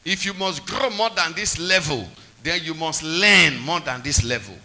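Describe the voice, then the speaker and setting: A man's voice: fairly high pitch, moderate pace, sharp tone, poor audio. A man preaching a sermon, repeating points and quizzing the congregation with call-and-response questions.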